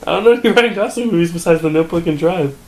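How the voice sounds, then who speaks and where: Wisecracking guy, a bit high. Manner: jokey, quick with wisecracks. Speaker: podcast co-host. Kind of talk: casual chat.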